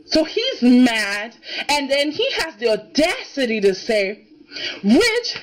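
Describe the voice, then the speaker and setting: A woman's voice: high voice, very animated, a little slow. A woman giving a casual, indignant reaction review of a soap opera, emphatic and keeps asking "okay?".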